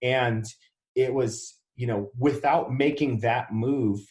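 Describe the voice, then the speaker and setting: Animated male storyteller, roomy echo. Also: medium pitch, slow. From Wisconsin. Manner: animated storyteller, acts out quoted dialogue. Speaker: podcast guest, real estate investor. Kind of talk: casual interview storytelling. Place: Dallas, Texas.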